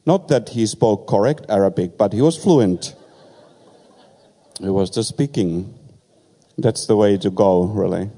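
Slow, deep-voiced older man with an accent. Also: warm tone. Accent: foreign accent in English. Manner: halting, storytelling with many fillers. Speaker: guest speaker at a church. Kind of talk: personal testimony with humor.

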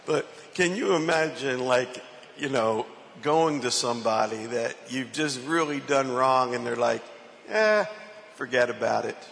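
A man preaches in a loose, conversational way, tossing questions out to the people in front of him. His voice is gravelly but bright, and he talks slowly. The sound rings with a long hall reverb, with faint room ambience underneath. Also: mid-range voice, slight background noise. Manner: questions the congregation, playful. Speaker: preacher on a panel. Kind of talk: conversational sermon.

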